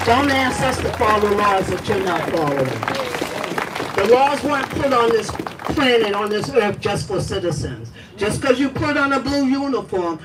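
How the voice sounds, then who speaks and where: Middle-aged woman, rally speaker, delivers an emotional protest poem, mic far off, loud outdoor noise. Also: lowish voice. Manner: emotional, forceful, building in intensity. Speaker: protest speaker, bereaved mother. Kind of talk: impassioned rally speech and poem recital. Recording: distant voice, noisy outdoor rally.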